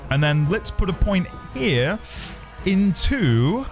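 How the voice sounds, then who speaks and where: A man streaming live gameplay, talking excitedly and shouting at the action. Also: sits high, slow pace. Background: loud game music.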